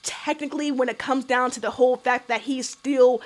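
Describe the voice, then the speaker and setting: A woman's voice: sits high, steady tone, normal speed. A woman hosting a casual TV recap vlog, blunt, sassy and profane, with mocking put-on voices. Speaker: YouTube recap host.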